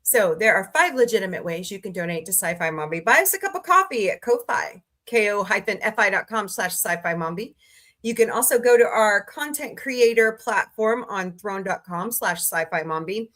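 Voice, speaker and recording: A woman hosting a casual livestream, greeting viewers by name and listing her channels, tired and low on energy today. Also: expressive, moderate pace, a bit bright. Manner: chatty, greets viewers by name, rattles off lists. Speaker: livestream host.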